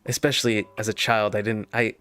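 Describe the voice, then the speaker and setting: A man's voice: on the low side, little pitch movement, brisk, bright, forceful tone, smooth. A man telling a casual story over gameplay, laughing often and restarting his sentences.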